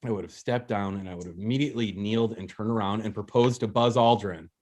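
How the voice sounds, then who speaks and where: A man's voice: fairly low pitch, fast talker, darkish tone. A young man hosting an open mic over a video call, doing a rambling, self-mocking stand-up bit with frequent laughs and restarts. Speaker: open mic host and comedian.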